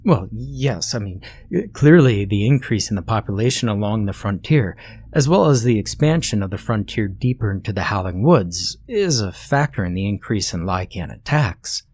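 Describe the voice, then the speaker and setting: A man's voice: mid-range voice, lively intonation, moderate pace, darkish tone. A man voicing a young, pompous but polite royal scholar who talks formally and stammers with fillers. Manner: formal, courteous diction.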